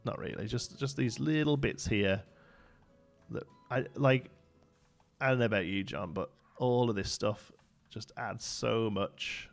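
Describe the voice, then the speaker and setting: A man's voice: mid-range voice, a little slow, creaky, faint music behind. A young man chatting casually and rambling as he plays and builds on a live stream, laughing often and answering chat.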